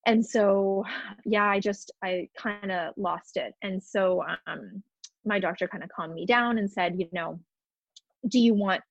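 Woman recounting a painful loss, halting. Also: mid-range voice, no echo, dull audio. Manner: emotional, halting, many fillers and restarts. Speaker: podcast guest. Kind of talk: personal storytelling.

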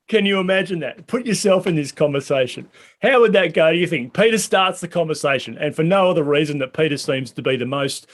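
Aussie pastor preaching, chatty, lots of questions, voice a bit on the high side. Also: male voice. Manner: conversational, asks many questions. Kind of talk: sermon.

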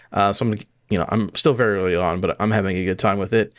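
Lowish-voiced guy on a podcast, swears a lot, dry close sound. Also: steady tone, rapid-fire, few pauses, no echo. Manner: blunt and profane, full of likes. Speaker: podcast co-host. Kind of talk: casual chat.

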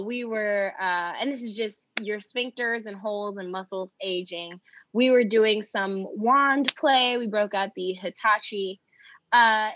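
Candid bright-voiced woman podcast host. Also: medium pitch, muffled recording, a little hiss or hum. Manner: candid, animated storytelling with laughter. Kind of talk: casual storytelling chat.

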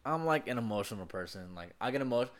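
Animated, profane young man. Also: mid-range voice, quick pace. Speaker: podcast co-host. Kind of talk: casual chat.

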